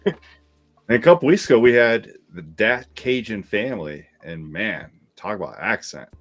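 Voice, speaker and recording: Host: man with a low voice that swings widely, relaxed and easy, faint music underneath. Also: unhurried. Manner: relaxed, brief reactions and laughs. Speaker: podcast host. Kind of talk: casual podcast chat.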